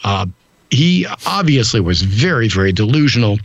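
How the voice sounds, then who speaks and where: A man's voice: fairly low pitch, big pitch swings, moderate pace, no echo. Man, from upstate New York, podcast host, blunt, profane, rambling, dry, dull lo-fi sound. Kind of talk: casual podcast chat.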